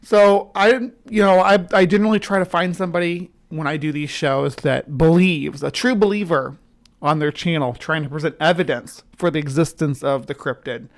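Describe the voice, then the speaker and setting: A woman's voice: low-pitched, normal speed. A woman from the central United States hosting a casual livestream, rambling, restarting her sentences and chatting with viewers as she goes. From central United States, between the South and upper Midwest. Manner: rambling, self-interrupting, chats with viewers. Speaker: livestream host. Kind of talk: casual live-stream chat.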